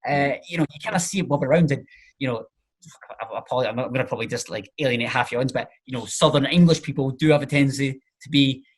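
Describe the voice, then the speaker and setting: A man with a slightly husky voice talks in a relaxed podcast chat. He explains his points with everyday examples and keeps things loose and conversational. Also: mid-range voice, fast. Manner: chatty, explaining with examples and filler phrases. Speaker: podcast guest, charisma coach.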